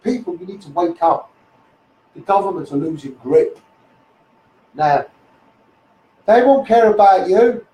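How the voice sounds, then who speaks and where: A man's voice: high-pitched, expressive, measured pace, pauses often, warm tone, roomy sound, recorded from a distance, low-quality recording. A man with a Scouse accent ranting heatedly into a live stream, repeating himself and swearing often. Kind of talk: impassioned Facebook live rant.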